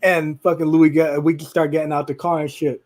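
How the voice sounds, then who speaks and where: A man's voice: fairly high pitch, moderate pace, a crowd in the background. A man co-hosting a podcast, telling a story among friends, laughing often and acting out quotes. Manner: animated, laughing, acts out quotes in raised voices. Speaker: podcast co-host.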